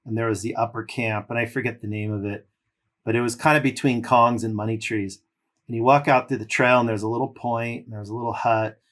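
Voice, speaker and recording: He's a middle-aged man from California, a former pro surfer, talking on a podcast in a medium-pitched, brisk voice. The storytelling is casual and long-winded, relaxed and loaded with fillers.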